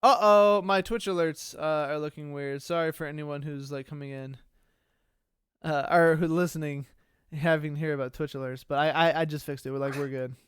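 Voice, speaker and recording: Man, podcast co-host, casual chat, rambling with fillers, smooth resonant voice, dry close sound. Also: a little high, steady tone, moderate pace, no echo. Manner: rambling, many fillers and restarts.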